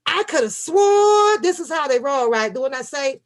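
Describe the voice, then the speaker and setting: A woman in her thirties who rants and tells stories to her viewers, swearing freely and sounding animated. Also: high-pitched, moderate pace, hardly any pauses. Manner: profane, animated, talks straight to viewers. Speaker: vlogger. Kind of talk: casual storytelling rant.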